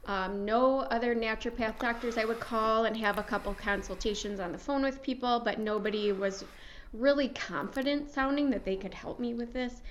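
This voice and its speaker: A young adult woman talks as a podcast guest, her voice sitting a little higher than most. She tells her story frankly and lively, with frequent laughs and plenty of fillers. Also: moderate pace, a little hiss or hum. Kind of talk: casual interview chat.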